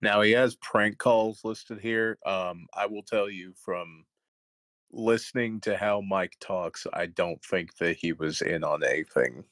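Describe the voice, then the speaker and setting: A man hosting a casual podcast chat, relaxed and quick to laugh. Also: low voice, no room sound. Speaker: podcast host.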